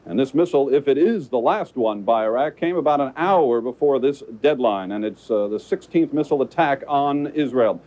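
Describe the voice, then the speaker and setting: A male correspondent giving a live field report in a plain, steady delivery with some fillers. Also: mid-range voice, normal speed, few pauses, poor audio.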